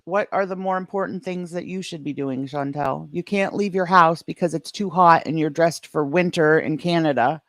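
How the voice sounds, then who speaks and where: A woman's voice: low-pitched, moderate pace, hardly any pauses. A woman hosting a reaction commentary stream, sarcastic and lecturing. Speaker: commentary channel host.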